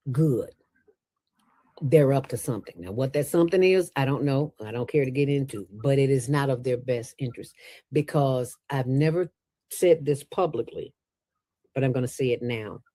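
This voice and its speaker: A woman's voice: rumbling low, mellow, no room sound. A woman who founded a nonprofit, speaking as an interview guest and telling stories in a colloquial, emphatic way with lots of quoted dialogue. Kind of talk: casual storytelling interview.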